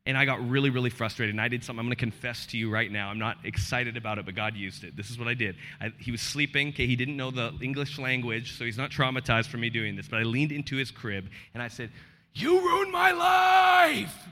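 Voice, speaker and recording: A male pastor in his thirties preaching a sermon in a large church, moving from hushed confession to loud, emotional peaks. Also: mid-range voice, fast talker, hardly any pauses. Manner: impassioned, swings from hushed to shouting. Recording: long church hall reverb.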